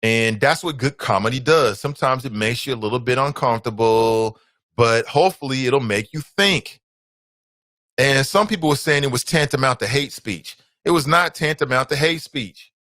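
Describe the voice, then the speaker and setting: Male talk show host, casual ranting monologue, bright forceful tone, dry close sound. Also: normal speed, no echo. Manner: emphatic, ranting, jumps into loud high outbursts; conversational asides and fillers.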